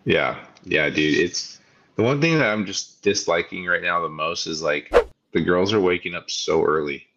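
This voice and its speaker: A man's voice: low-pitched, normal speed, highs cut off, noisy background. A young man co-hosting a casual podcast, rambling through stories, laughing often and acting out his kids' voices. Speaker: podcast co-host. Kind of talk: casual chat.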